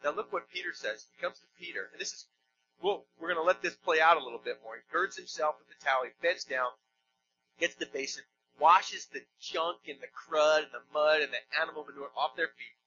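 A man preaches in a church with a high, bright, cutting voice. He tells the story emphatically and drops joking asides to the congregation. The recording is a little dull, with a faint hum underneath. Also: a little fast. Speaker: pastor. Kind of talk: sermon.

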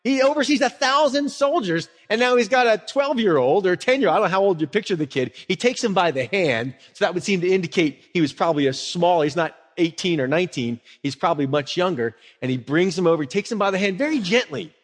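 A man preaching a sermon as a pastor, telling stories in a lively way and acting out the people in them. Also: high-pitched, fast, few pauses. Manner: animated storyteller who acts out quotes. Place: church sanctuary. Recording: long reverb of a church hall.

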